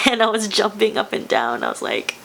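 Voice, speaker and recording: A woman's voice: medium pitch, sing-song, moderate pace, creaky, a bit bright, a little hiss or hum. Young woman, vlogger, choked up and giddy, rambling, mid-range voice. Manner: tearful, laughing, rambling with many fillers. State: emotional, close to tears. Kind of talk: emotional personal vlog.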